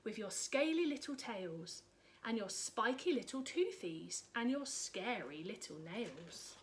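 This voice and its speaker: A woman's voice: a little high, big pitch swings, a little slow, a little hiss or hum. A woman voicing a huge, scornful mother tyrannosaurus who grumbles in horror. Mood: crooning. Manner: grumbling, horrified.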